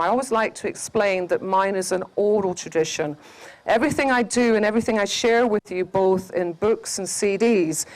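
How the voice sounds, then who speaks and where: A woman's voice: mid-range voice, low-quality recording. A middle-aged woman giving a spiritual talk to a live audience, telling stories and asking the audience questions. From Scotland. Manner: storytelling, asks the audience questions. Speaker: spiritual teacher.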